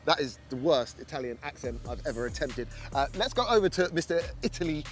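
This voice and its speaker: Energetic car-show host, animated pitch. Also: male voice, fairly quick, faint music behind. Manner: energetic, lively hype delivery. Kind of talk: hyped narration and casual chat.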